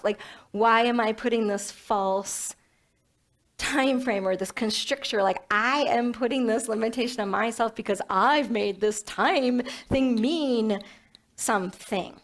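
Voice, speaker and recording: Woman minister preaching a sermon, playful and animated, jokes at her own expense, a bit higher voice. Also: measured pace. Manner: animated, playful, self-mocking humor.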